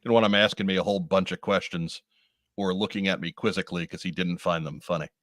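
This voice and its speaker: A man with a fairly low voice joins in casual podcast banter, stopping and restarting his sentences. The sound is dry and close, with no room around it. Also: fairly even intonation, fairly bright tone, no room sound. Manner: halting, restarts with repeated words. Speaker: podcast co-host.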